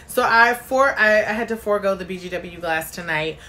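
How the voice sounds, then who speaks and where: A woman's voice: mid-range voice, brisk, few pauses, pushed and bright. A woman hosting a casual live stream, chatty and bubbly, greeting viewers by name and reading their comments aloud. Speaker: livestream host.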